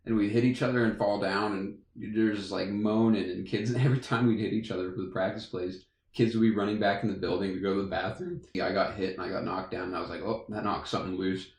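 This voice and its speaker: A man's voice: lowish voice, fairly even intonation, fast talker, hardly any pauses, a little mellow. A young man casually telling a funny story as podcast co-host, laughing often. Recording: echoey room.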